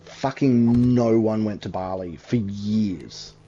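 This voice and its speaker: Give me a young man chatting crudely over a game, with a dark mellow voice. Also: takes it slowly, slight background noise. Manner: crude, slangy, swears a lot. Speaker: gamer. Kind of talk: casual chat while gaming. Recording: dull low-fi home mic.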